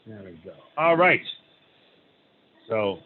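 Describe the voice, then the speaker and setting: A rabbi who reads a story aloud with pauses, adding "right?" asides and leading a group discussion. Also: male voice, on the low side, animated. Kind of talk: reading a story aloud, then opening discussion. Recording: tinny phone-like line, faint hiss.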